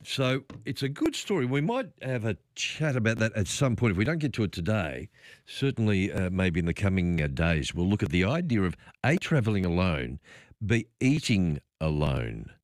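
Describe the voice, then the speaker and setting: Lively low-voiced Australian radio host. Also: male voice, normal speed, no room sound, clean studio sound. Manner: relaxed, chatty, takes calls. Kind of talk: late-night talkback radio. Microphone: studio microphone.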